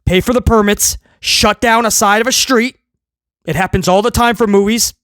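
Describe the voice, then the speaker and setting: A man's voice: high-pitched, steady tone, moderate pace, fairly bright tone, no echo, clean studio sound. A man hosting a casual video review, ranting in a sarcastic, exasperated way and rambling with many restarts. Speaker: wrestling show reviewer, host.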